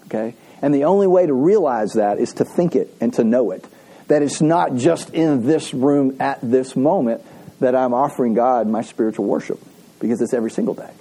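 This pastor's voice sits in the middle range, mellow with a breathy edge, and he moves at a brisk clip. The recording is rough. During a church service he preaches conversationally, repeating key lines and asking everyone to join him in reading scripture.

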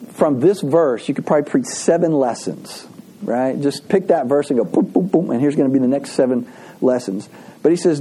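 A pastor giving a conversational sermon, telling folksy stories with frequent restarts and asides. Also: male voice, mid-range voice, dark tone. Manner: folksy storytelling with laughs and restarts.

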